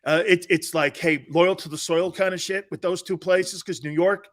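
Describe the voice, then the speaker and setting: A man's voice: high voice, normal speed. A man in his fifties hosting a casual sports live stream, bantering and reading viewer chat aloud. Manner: animated, bantering, often laughing. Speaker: sports show host.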